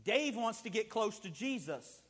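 High-voiced preacher in a reverberant hall. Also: male voice, very animated, unhurried, a bit bright. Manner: storytelling preacher, acts out scenes with rising emotion. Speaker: pastor. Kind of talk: sermon. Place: church sanctuary.

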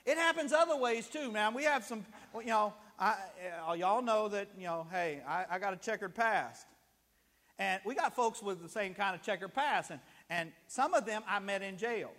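High-voiced preacher in a reverberant hall. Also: male voice, lively intonation, moderate pace, a bit bright. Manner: storytelling preacher, acts out scenes with rising emotion. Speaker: pastor. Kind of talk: sermon. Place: church sanctuary.

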